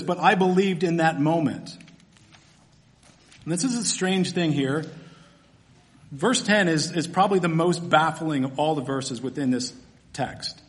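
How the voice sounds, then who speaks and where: Pastor guy giving a sermon, chatty storyteller vibe, voice a bit on the high side. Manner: conversational, animated storytelling with fillers.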